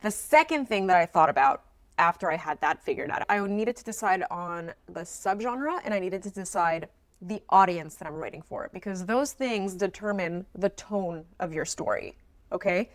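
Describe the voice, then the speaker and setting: A woman's voice: on the low side, lively intonation, moderate pace, dry recording. A young adult woman talking casually to camera about her writing process, chatty and playful with frequent asides. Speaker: writing vlogger. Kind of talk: casual instructional talk to camera.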